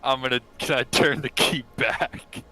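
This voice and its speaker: A man's voice: mid-range voice, fairly even intonation, unhurried. A man playing in a tabletop game, casual and a bit sheepish. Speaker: player.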